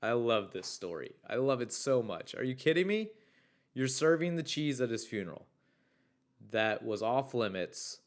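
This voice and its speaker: A young man hosting a podcast in a casual, chatty way, reading listener stories aloud and riffing on them with excitable, swear-laden enthusiasm. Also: mid-range voice, moderate pace. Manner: excitable, swears freely, riffs loudly on stories. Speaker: podcast host.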